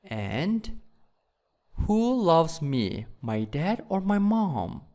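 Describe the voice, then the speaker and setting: A man teaching English vocabulary to schoolchildren, repeating each word slowly so learners can follow. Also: on the high side, very animated, dark tone.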